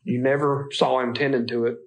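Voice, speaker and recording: A man's voice: medium pitch, flat delivery, a little fast, low-quality recording. A man questioning a suspect in a police interview, pressing with repeated, pointed questions. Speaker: police investigator.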